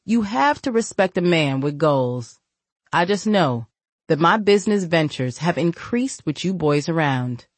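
A woman voicing a cold, controlled male boss in a storybook, speaking in a measured, threatening way. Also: low-pitched, lively intonation, no room sound. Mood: smooth.

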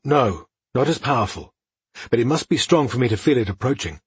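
Narrator doing a wary elf mage, husky and hushed, careful, audiobook. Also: male voice, mid-range voice, lively intonation, a little fast, dry recording. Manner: hushed, cautious. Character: watchful elf mage sensing magic.

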